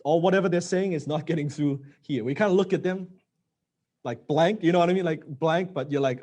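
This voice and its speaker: A man teaching a live sales training, blunt and casual, swearing now and then and dropping low to stress points. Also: fairly quick, a little mellow. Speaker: sales coach.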